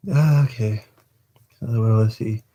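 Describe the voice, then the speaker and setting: A man's voice: fairly low pitch, takes it slowly, dark tone. A man reading a novel aloud on a casual livestream, chatting between passages and stumbling over words.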